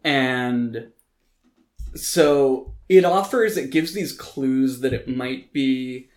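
A man co-hosting a casual podcast, giving animated, opinionated reviews with frequent ums and restarts. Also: medium pitch, extremely slow. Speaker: podcast co-host reviewing films and TV. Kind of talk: casual chat.

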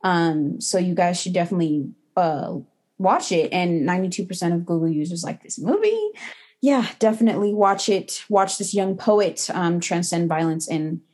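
A woman's voice: fairly low pitch, moderate pace. A woman co-hosting a film podcast, chatting casually with plenty of fillers and restarts. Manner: relaxed, many fillers and restarts. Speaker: podcast co-host.

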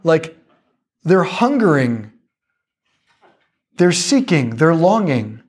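Man, lively faith talk, slightly higher voice, casual jokes. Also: slow, slightly rough. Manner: animated, conversational, jokey asides.

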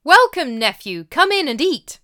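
A woman's voice: sits high, very animated, unhurried, voice pushed up. A woman voicing a jovial, welcoming male uncle with a hearty manner. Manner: hearty, laughing.

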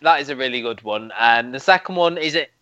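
A man's voice: mid-range voice, expressive, brisk, bright, forceful tone, dry recording, dull audio. A man hosting a podcast, chatting casually and animatedly about TV shows. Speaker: podcast host. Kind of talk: casual TV review chat.

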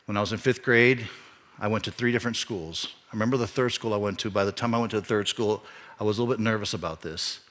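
A man's voice: lowish voice, fast talker, fairly bright tone. A middle-aged man, a pastor, telling a personal story in a sermon, earnest and rising to emphatic peaks. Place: church.

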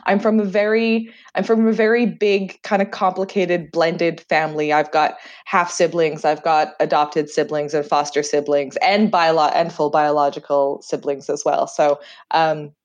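A chatty Canadian woman in her late thirties tells her story as a podcast guest, restarting her sentences and laughing at herself. Her voice is fairly low. It comes through dull and lo-fi. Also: little pitch movement. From Jersey, Channel Islands. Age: 30s. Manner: chatty, self-deprecating, halting restarts, frequent laughs. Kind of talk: remote interview, personal story.

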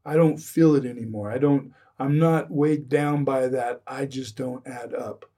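A man's voice: medium pitch, fairly even intonation, measured pace, dark tone, recorded from a distance. A man who speaks about recovering from addiction, talking earnestly in a podcast conversation, often restarting and repeating his phrases.

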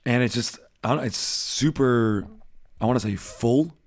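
Gravelly, mumbly podcast co-host man. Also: mid-range voice, unhurried, no echo, clean studio sound. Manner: relaxed, chatty, laughs easily. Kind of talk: casual chat.

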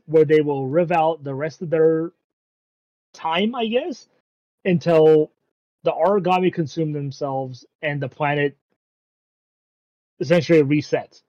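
A man's voice: fairly high pitch, lively intonation, measured pace, pauses often, darkish tone, no echo, highs cut off. A man casually recapping an anime episode, rambling with frequent ums and casual swearing.

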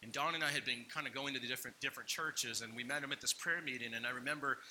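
A young man tells a personal story in sermon style, acting out the people in it. His voice is very bright and forceful. A faint hiss sits under the recording. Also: medium pitch, very fast, rough recording. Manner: animated personal storytelling, acts out quotes. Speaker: pastor.

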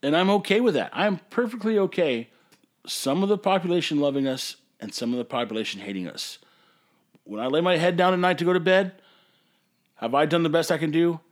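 A brewery owner hosts a podcast, delivering a casual ranting monologue in a voice on the high side and a little fast. He's emphatic and passionate, sometimes breaking into hollering.

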